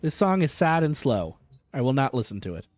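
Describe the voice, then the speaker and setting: Animated, joking male gaming streamer. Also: medium pitch, fairly quick, no room sound. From United States. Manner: jokey, animated, chatting with viewers. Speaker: vtuber streamer. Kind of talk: casual live-stream chat while gaming.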